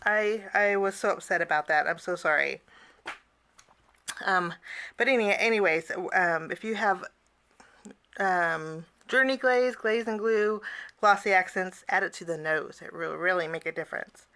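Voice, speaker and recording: Bright-voiced chatty woman teaching crafts. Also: on the low side, a little slow. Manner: chatty, apologetic asides, frequent fillers. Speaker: cardmaking teacher. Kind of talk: casual craft tutorial.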